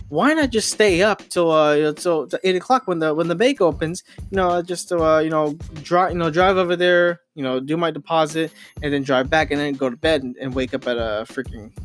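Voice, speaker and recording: A man's voice: a little high, a little fast, faint music behind. A young man hosting a casual podcast, rambling with lots of fillers and restarts as he tells a frustrating story into his home microphone. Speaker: podcast host.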